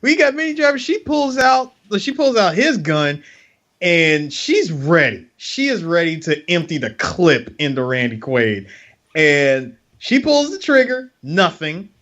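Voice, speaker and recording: Lively man retelling a movie scene. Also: fairly high pitch, unhurried, lo-fi sound. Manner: animated storyteller, acts out scenes. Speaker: podcast co-host. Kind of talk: casual movie discussion.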